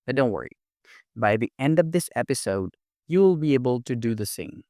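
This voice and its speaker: A man giving a scripted English lesson in a clear, deliberate, instructive way. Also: medium pitch, lively intonation, warm tone, no room sound, clean studio sound. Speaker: English teacher.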